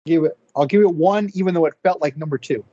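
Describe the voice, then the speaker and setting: A man co-hosting a casual podcast, joking around with quick comebacks. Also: fairly high pitch, dark tone, no room sound, lo-fi sound. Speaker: podcast co-host.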